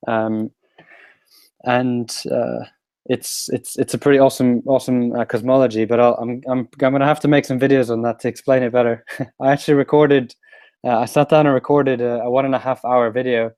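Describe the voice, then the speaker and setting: A man's voice: medium pitch, little pitch movement, a little fast, darkish tone, dry recording. A man from Sweden, a guest on a live online talk, speaking hesitantly with many fillers and restarts. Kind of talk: casual chat. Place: London.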